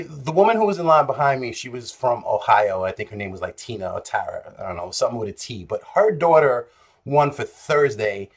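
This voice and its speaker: A young man chatting to camera in a casual vlog. He tells his story in an animated, jokey way, with his pitch sitting right in the middle for a man. He jumps between loud, excited bursts and quiet asides. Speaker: vlogger.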